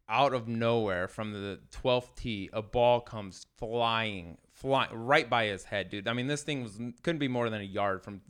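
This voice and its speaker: A man's voice: lowish voice, a bit bright, clean tone. A man co-hosting a casual sports podcast in a studio, telling rambling anecdotes and correcting himself as he goes. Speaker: podcast co-host. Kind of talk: casual storytelling chat.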